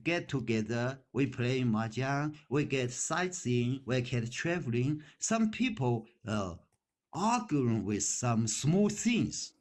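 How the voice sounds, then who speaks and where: A man in his sixties, retired, speaking simple, halting non-native English with many fillers in a casual practice conversation. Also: mid-range voice, sing-song.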